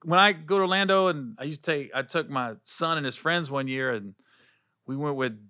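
A man telling stories in a casual chat, animated and laughing, acting out other people's voices. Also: a little high, brisk, no room sound, studio quality. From Cincinnati area. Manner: animated, acts out quoted voices, swears, laughs often.

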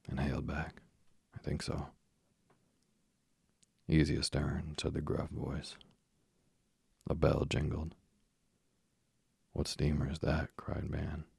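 A man narrating a first-person story in a measured, steady storytelling manner. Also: very deep voice, creaky, breathy edge, dry recording. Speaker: audiobook narrator.

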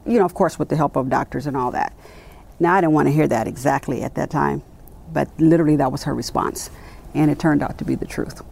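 A woman's voice: sits low, fast talker, vocal fry, a little mellow, slightly rough. A woman in her late fifties, an executive guest in an interview, telling her story with animation and acting out the dialogue she quotes. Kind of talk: conversational interview.

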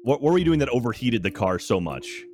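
A man's voice: mid-range voice, big pitch swings, quick pace, darkish tone, soft background music. A man playing along as a contestant, questioning playfully. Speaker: game contestant. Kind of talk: casual game show banter.

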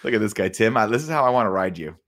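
Man, podcast co-host, crude jokes, swearing, lowish voice. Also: lively intonation, racing, a bit bright. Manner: crude, joking, profane. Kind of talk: casual comedic chat.

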